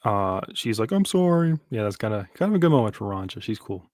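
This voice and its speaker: A man's voice: lowish voice, expressive, quick pace, dry recording, studio quality. A man streaming a live reaction, rambling casually with lots of fillers and restarts. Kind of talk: live manga reaction commentary.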